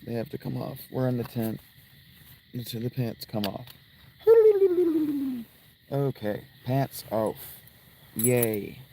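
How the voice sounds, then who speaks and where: A man's voice: medium pitch, fairly even intonation, slow pace, vocal fry, long pauses, mellow, a little hiss or hum, poor audio. A man chatting casually to his livestream viewers from inside a tent outdoors, rambling and making crude jokes. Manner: crude, joking, rambling asides to chat. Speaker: live streamer.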